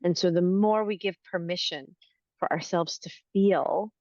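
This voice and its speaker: Woman healing coach, steady teacherly explainer, lo-fi remote sound. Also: lowish voice, a little slow, no room sound. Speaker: inner-child healing coach. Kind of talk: explaining in an interview.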